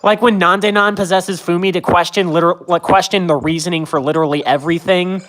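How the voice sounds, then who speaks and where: A woman's voice: fairly low pitch, fairly even intonation, brisk, soft background music. A young woman streamer chatting casually about a show, rambling and correcting herself, with frequent giggles. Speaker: game streamer. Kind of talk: casual game commentary.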